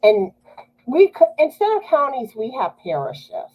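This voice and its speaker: Over rough audio, a Cajun-accented woman from South Louisiana chats her way through a knitting live stream, laughing a lot and stretching out her fillers. Her high-pitched voice is a little mellow and swings hugely in pitch.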